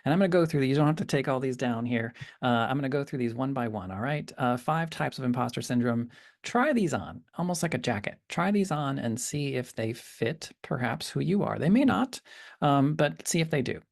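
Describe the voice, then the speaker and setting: A man teaching a course module in a relaxed, hesitant way, often pausing and restarting. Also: mid-range voice, creaky. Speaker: course instructor. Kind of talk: lecture.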